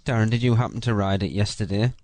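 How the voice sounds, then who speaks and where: A man's voice: on the low side, fast talker, darkish tone, dry recording. A man co-hosting a podcast, reading out a listener's trip report in a casual, joking way. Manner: joking, teasing. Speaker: podcast co-host.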